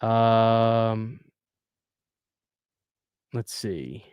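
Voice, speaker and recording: A man's voice: on the low side, drawn-out words, a little mellow, clear, resonant tone, dry recording, clean studio sound. Earnest man hosting a live stream. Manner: earnest, talkative, reads chat aloud. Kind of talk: casual live stream chat.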